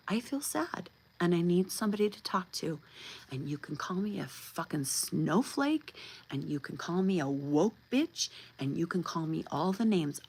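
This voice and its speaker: A woman's voice: fairly low pitch, darkish tone, slightly rough, low-quality recording. A woman in her fifties hosting a livestream, talking bluntly and emphatically and swearing freely. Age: 50s. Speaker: host. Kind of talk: impassioned livestream monologue.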